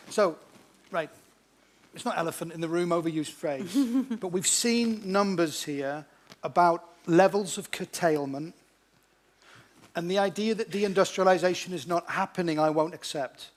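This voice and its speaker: A man with a high voice moderates a panel debate at a conference event. He keeps things moving, steering each speaker briskly to the next question.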